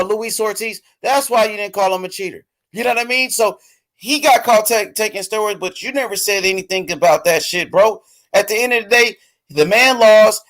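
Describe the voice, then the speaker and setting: A man's voice: high-pitched, a bit bright. A man hosting a boxing show, arguing heatedly and insisting on being heard. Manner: insistent, interrupting, keeps saying bro. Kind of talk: heated casual debate.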